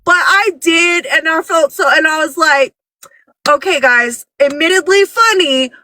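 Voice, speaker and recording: A woman's voice: very high-pitched, unhurried, no room sound. A woman in her thirties, a parent, chatting casually and acting out quotes as she tells stories. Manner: animated storyteller who acts out quotes. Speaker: parent telling stories on a podcast. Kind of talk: casual chat.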